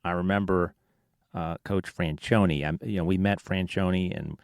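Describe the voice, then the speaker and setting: A man who hosts a podcast, asking questions in a measured, casual chat. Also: deep voice, steady tone, no room sound, studio quality. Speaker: podcast host.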